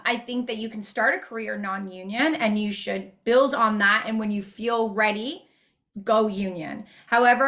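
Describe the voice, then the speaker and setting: A woman voice actor talking casually as an interview guest, chatty with frequent laughs and quick asides. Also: mid-range voice, pushed and bright.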